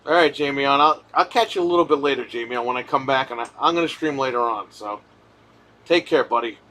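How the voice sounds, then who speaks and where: Bright-voiced man ranting on a stream. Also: mid-range voice, quick pace. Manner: profane, animated storytelling. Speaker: streamer hosting a live Q&A. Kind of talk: casual live-stream chat.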